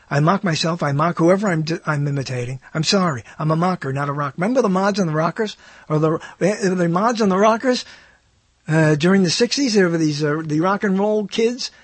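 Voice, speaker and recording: A man's voice: a little high, husky, dry recording. A man hosting his own talk show, rambling through a casual monologue with many self-interruptions and wry asides. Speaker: host.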